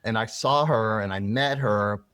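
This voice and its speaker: A man's voice: fairly low pitch, a little slow, fairly bright tone, smooth, dry recording. A man being interviewed, earnestly telling a personal story with many restarts and rambling asides. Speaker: interview guest.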